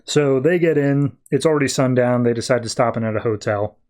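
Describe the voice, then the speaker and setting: A man's voice: medium pitch, a little mellow. Guy on a comics podcast retelling the plot, rambly, lots of "like" and "so". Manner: rambling, filler-heavy retelling with quick offhand quoted voices. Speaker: podcast co-host recapping comics. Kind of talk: casual plot recap.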